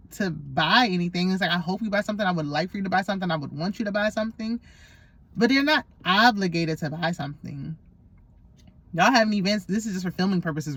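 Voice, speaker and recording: A woman's voice: mid-range voice, lively intonation, fairly quick, a bit bright. A woman hosting a casual, opinionated reality TV recap, sassy and gossipy with lots of slang.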